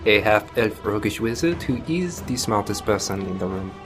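A man's voice: fairly low pitch, animated, moderate pace, over music. A man introducing himself as a player in a tabletop game, speaking casually. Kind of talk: casual chat.

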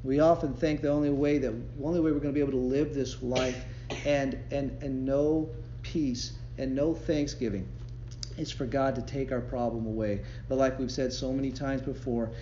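A man's voice: medium pitch, fairly even intonation, moderate pace, mellow, slight background noise. A man giving a conversational devotion sermon, telling stories and laughing along the way. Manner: conversational, storytelling preaching with laughs. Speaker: devotion speaker. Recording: roomy, slightly dull recording with faint ambience.

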